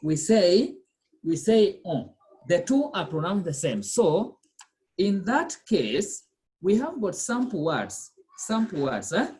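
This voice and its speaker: A woman teaches an online French pronunciation class over a video call, patiently repeating herself and checking that students keep up. Her mid-range, dark-toned voice is sing-song and slow.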